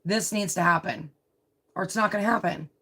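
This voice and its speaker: A woman of Italian heritage, an adult with a child, gives a live tarot reading in a chatty, confiding way, often checking in with "right?" and "you know." Her voice is on the low side, brisk, bright and forceful, slightly rough.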